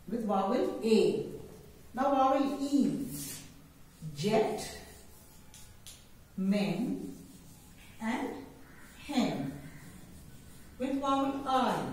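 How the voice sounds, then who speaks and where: Indian woman teacher, slow word-by-word phonics drill, distant mic in a boomy room. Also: a little mellow. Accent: Indian English. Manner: deliberate word-by-word dictation, repeating each word in lists. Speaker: kindergarten English teacher. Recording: echoey room, distant mic, faint hiss.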